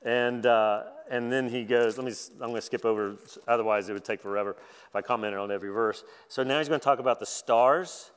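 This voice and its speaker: A man preaching a sermon as a guest speaker, talking in a relaxed, self-deprecating way and turning animated when he acts out the verses he quotes. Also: mid-range voice, a little fast, clear, resonant tone, in a large hall. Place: large church hall.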